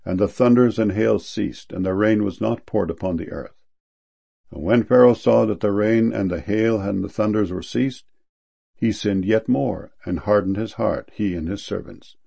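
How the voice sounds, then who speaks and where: A man giving a solemn scripture reading, with measured, deliberate phrasing and slow, emphatic stresses. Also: fairly low pitch, vocal fry, warm tone.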